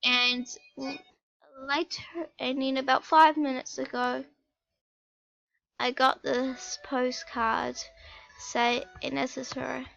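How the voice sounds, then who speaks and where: A young female vlogger retelling a story in a rambling, halting way, often restarting her sentences. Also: sits high, level tone, gravelly, fairly bright tone, dry recording, dull audio. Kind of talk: storytime vlog.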